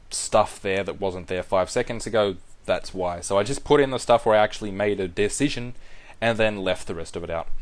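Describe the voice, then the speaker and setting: A young man casually narrating a game build in voice-over, rambling and self-deprecating with lots of ums and restarts. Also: on the low side. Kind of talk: casual voice-over commentary over gameplay.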